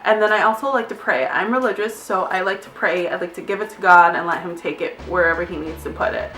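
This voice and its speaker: A woman's voice: on the low side, fast talker, a bit bright, roomy sound, recorded from a distance, soft background music. A young adult woman, a nurse, giving candid, chatty advice in a casual vlog, now and then glancing at notes and swearing lightly. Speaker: nurse vlogger.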